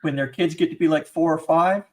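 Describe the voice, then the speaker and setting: A man with a somewhat high voice hosts a casual chat over a video call. He drops wry, joking asides as he keeps the talk going. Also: fairly even intonation, brisk, a little mellow, a little hiss or hum. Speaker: host.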